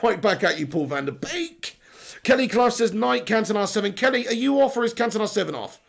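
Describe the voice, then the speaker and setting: Bantering man hosting a live stream, high gravelly voice, sore throat. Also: sing-song, a little fast. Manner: laughing, banter-filled, thanks viewers. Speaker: football watch-along streamer. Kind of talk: live stream chat reading.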